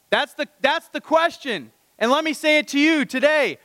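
Bright-voiced man preaching a sermon. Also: high voice, a little fast, hardly any pauses, long reverb tail. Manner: animated, rhetorical questions to the congregation. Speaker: pastor.

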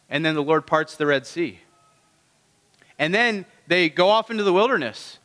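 Bright-voiced preacher in a reverberant hall. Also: male voice, high-pitched, animated, normal speed. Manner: casual, asks the congregation rhetorical questions. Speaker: pastor. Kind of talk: conversational sermon.

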